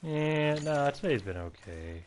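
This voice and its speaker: A man's voice: on the high side, very animated, unhurried, a little hiss or hum. A man giving casual, self-deprecating commentary while playing a game at home, chatting to his cats in between. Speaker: game streamer.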